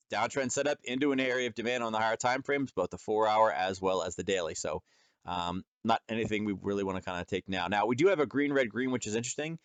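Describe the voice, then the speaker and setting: A man's voice: lowish voice, no echo. A man hosting a casual trading lesson, talking through charts in a rambling, conversational way with many fillers and self-corrections. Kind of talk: casual screen-share lesson.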